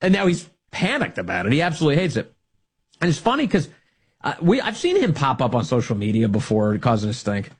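A man's voice: mid-range voice, wildly swooping pitch, brisk, husky. A man hosting a talk radio show, delivering a sarcastic, mocking monologue and laughing at his own jokes.

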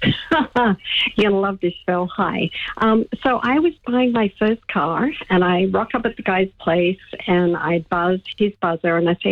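A woman calling in to a radio show tells an embarrassing anecdote, giggly and animated. Her voice comes through a narrow, tinny phone line. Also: medium pitch, moderate pace. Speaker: caller. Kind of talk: casual call-in chat.

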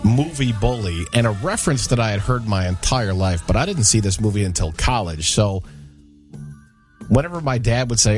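A middle-aged man hosting a casual podcast chat, his voice rising and falling widely as he runs through a countdown list. He leaps into high, squeaky quoted voices, with faint music under him. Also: a little fast. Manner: animated storyteller, jumps high for quoted voices.

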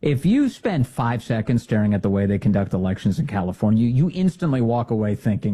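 A man's voice: lowish voice, very animated, fairly quick, few pauses, warm tone, husky. A man hosting a political commentary show, talking in a sarcastic, indignant monologue full of rhetorical questions. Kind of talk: opinionated monologue.

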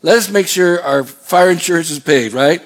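Middle-aged male pastor, somewhat high voice, slow deliberate scripture reading, folksy asides. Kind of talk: sermon.

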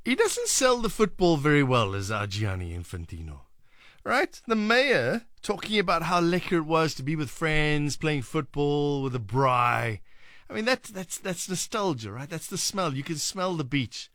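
A man fronting a sports show with animated, mocking commentary. His voice sits a bit high and swings widely as he jokes. The sound is dry and close. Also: normal speed, no echo. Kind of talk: lively studio commentary.

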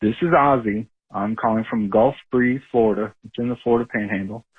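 Speaking briskly in a lowish, somewhat husky voice, a male caller tells his story with animated energy. The audio is thin and narrow, like a phone line.

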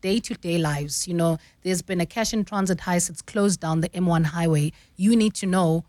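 Talking in a radio studio, a woman who anchors radio news describes her craft in a relaxed, explanatory manner, using "you know" frequently. Her voice is on the low side and warm, at a moderate pace, with no echo.

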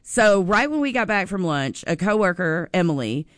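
A woman's voice: lowish voice, big pitch swings, normal speed, no room sound, clean studio sound. A woman co-hosting a radio show, telling her side of a story playfully and defensively. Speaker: radio co-host. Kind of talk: morning radio banter. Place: radio studio.

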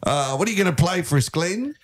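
A man's voice: sits high, animated, quick pace. A man with an Australian accent hosting radio, teasing his co-host in casual banter with dry, sarcastic asides.

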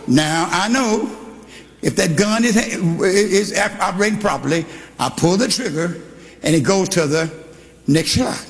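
An older man from Texas, preaching a sermon with shouting and animated storytelling. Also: high voice, measured pace. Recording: live church hall with congregation.

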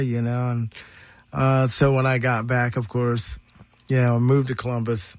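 A man's voice: medium pitch, little pitch movement, measured pace, dry recording. An older man from Ohio, a guest musician chatting in a radio studio, rambling and telling stories with lots of fillers. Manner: rambling storyteller, many fillers, acts out voices. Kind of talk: casual radio interview chat.

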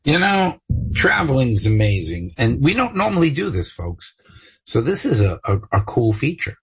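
A man's voice: medium pitch, very animated, normal speed, breathy edge, dull audio, faint music behind. A man co-hosting a radio talk show, trading teasing quips with his partner and laughing often. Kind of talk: casual radio banter.

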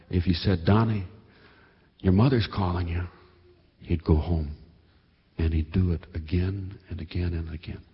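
Fields: Sex: man. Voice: very deep, husky. Style: leisurely storytelling monologue. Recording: lo-fi, long hall reverb. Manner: measured and wry, with understated asides.

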